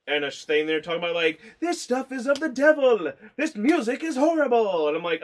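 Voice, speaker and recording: A man's voice: on the high side, fairly bright tone. Rambling, swearing male movie reviewer. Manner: rambling, swears freely, laughs often. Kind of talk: casual chat.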